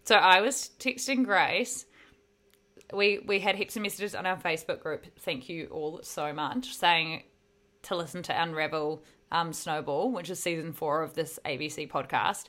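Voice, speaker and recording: A young woman co-hosting a podcast, chatting casually and retelling stories with animated energy and frequent laughter. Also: deep voice, normal speed. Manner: animated storytelling, laughs often. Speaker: podcast co-host. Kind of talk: casual chat.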